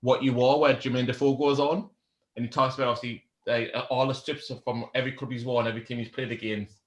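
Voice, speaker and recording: A man, co-hosting a casual chat over drinks and telling sweary, excitable football stories. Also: mid-range voice, fast. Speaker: co-host. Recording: echoey room.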